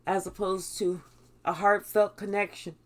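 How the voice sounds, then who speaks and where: A woman's voice: mid-range voice, little pitch movement, unhurried. A woman giving a spiritual tarot reading in a blunt way, swearing freely. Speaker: tarot reader.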